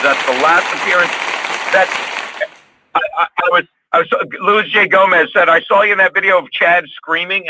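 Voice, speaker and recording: A man's voice: on the high side, sharp tone, slightly rough, dry recording, poor audio. A man on a podcast, ranting in a rambling, heated way and swearing constantly. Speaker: podcast co-host. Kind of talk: profane casual podcast chat.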